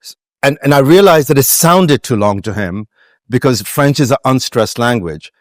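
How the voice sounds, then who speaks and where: A man's voice: medium pitch, lively intonation, normal speed, dry recording, studio quality. A man with a Pakistani accent talking reflectively as an interview guest, meandering with many restarts and fillers. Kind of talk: conversational interview.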